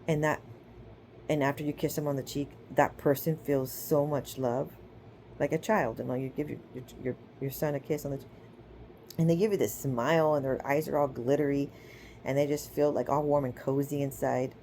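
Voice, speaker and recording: A woman's voice: extremely low pitch, steady tone, normal speed, warm tone, a little hiss or hum. A woman giving a casual spiritual teaching, chatty and informal, who retells scripture stories with acted-out quotes and keeps checking in with her listeners. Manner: chatty, checks in with "okay?" and "right?".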